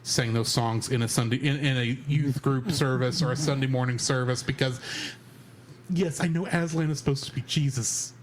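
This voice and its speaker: A man co-hosting a podcast, chatting casually with animated, sarcastic asides. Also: medium pitch, normal speed, slight background noise. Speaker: podcast co-host. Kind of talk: casual chat.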